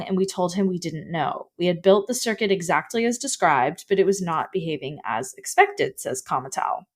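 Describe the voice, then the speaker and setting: Young woman, podcast co-host, lower voice, slight lisp, reads spooky stories off an article. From Canada. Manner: slight lisp from new retainers, stumbles over words. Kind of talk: casual chat, reading ghost stories from an article.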